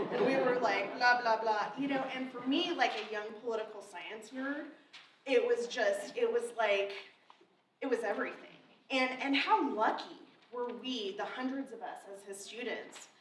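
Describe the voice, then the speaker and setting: A woman's voice: on the high side, measured pace. Woman in her forties in a roomy hall. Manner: heartfelt, conversational, laughing between lines. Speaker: Secretary of State speaking at a memorial. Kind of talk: memorial tribute speech. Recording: roomy echo from a distant mic, faint noise.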